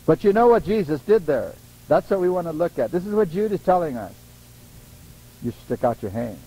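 A man preaching a sermon in a lively way, laughing often and acting out the voices of people he quotes. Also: high voice, fast talker, rough recording.

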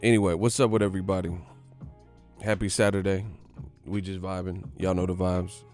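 A man's voice: low-pitched, level tone, moderate pace, darkish tone, soft background music. Profane, joking man chatting on stream. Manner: loose, profane, joking with chat. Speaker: live stream host. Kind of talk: casual live stream chat.

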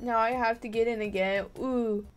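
A woman livestreaming a game, chatting to friends in the game in an excitable, giggly way, often shouting their names and apologizing. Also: on the high side, normal speed. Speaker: gaming livestreamer. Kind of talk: live gameplay chatter.

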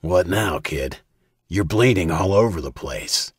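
A man doing a quiet, menacing brute of a villain. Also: animated, measured pace, breathy edge, no room sound, clean studio sound, heavily acted. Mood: placating. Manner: low, quiet and placating. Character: hulking adult male villain, menacing, feigning calm.

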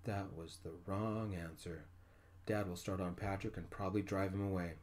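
A man reading a story aloud in a soft-spoken ASMR style. His voice sits very deep and low, and he keeps it gentle and hushed throughout. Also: steady tone, moderate pace.

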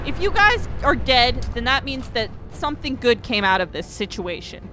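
A young woman giving gameplay commentary at a desk microphone, swearing constantly and breaking into angry shouted outbursts. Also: on the high side, very animated, normal speed, hardly any pauses, a little hiss or hum. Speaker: let's play host.

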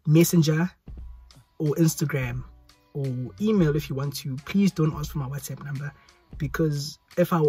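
A young South African YouTuber with a fairly high, dark, slightly rough voice speaks at a moderate pace to his phone's selfie camera in a hot indoor room. His vlog is chatty and rambling, he keeps repeating pleas, and faint music plays behind him.

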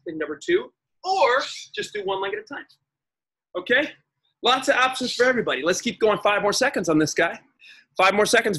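Male fitness instructor, high bright voice, upbeat encouraging cues, counting down reps. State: slightly out of breath while exercising. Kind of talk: live workout coaching.

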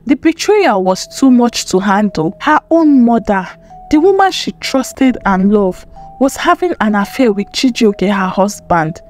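A woman narrating a dramatic story in an expressive, emphatic way. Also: mid-range voice, measured pace. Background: faint music.

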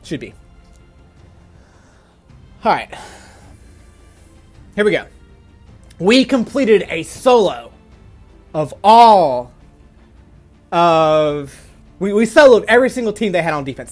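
A man giving casual gameplay commentary, excitable and quick to swear, stammering and restarting when worked up. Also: sits high, soft background music. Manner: excitable, swings from gleeful to furious ranting. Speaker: gaming YouTuber.

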